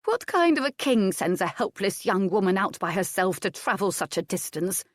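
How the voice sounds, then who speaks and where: A woman reading the part of an outraged, sharp-tongued female servant in an audiobook. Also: mid-range voice, lively intonation, normal speed, no echo, studio quality, natural voice. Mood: furious. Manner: sharp, scolding.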